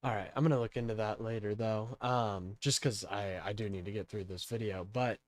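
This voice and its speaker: A young man from Kansas hosts a casual political livestream, rambling and using lots of fillers as he talks with his chat. His voice is lowish and steady, a little fast, with no room sound.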